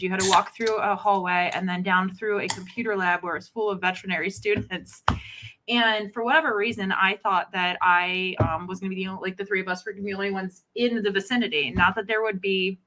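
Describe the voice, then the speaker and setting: Animated giggly woman storyteller. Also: medium pitch, low-quality recording. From Ohio. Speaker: podcast co-host. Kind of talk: casual live chat.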